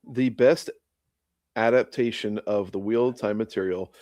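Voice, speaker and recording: A man's voice: fairly low pitch, fairly even intonation, measured pace, a little mellow, no echo, studio quality. A man co-hosting a casual podcast who mostly chimes in with short remarks. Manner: mostly short agreeing interjections. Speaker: podcast co-host. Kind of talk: casual chat.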